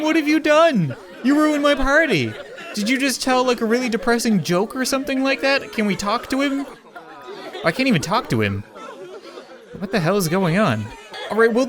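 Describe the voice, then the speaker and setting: A young man giving comedic, excitable commentary on a life-sim game, often laughing and exclaiming. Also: high-pitched. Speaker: gaming YouTuber.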